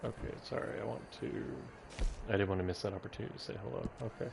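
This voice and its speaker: A man's voice: fairly low pitch, fast talker, creaky, noisy background. A man casually commentating a live gameplay stream, rambling and breaking off into tangents. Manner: rambling, self-interrupting, goes off on tangents.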